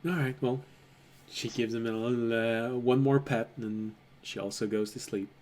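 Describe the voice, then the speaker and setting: A man narrating as game master of a tabletop game, relaxed and laughing often. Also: medium pitch, normal speed.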